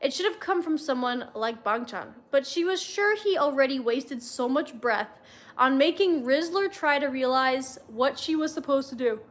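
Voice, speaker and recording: Brief: young woman, high voice, casual livestream read-aloud with wry asides. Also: expressive, moderate pace. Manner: chatty, wry comments between passages. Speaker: livestream host reading fanfiction.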